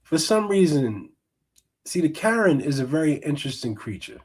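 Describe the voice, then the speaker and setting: A man hosting a podcast, giving animated, mocking reaction commentary. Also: fairly high pitch, normal speed, a little hiss or hum. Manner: animated, mocking, swings between mutters and outbursts. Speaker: podcast host.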